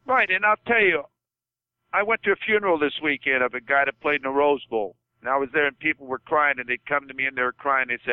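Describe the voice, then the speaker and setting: Older male coach calling in by phone, earnest and heartfelt, crisp voice through a tinny line. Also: mid-range voice, fairly quick, no room sound. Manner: passionate, repeats himself, says okay. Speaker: football coach guest. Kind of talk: podcast phone-in chat.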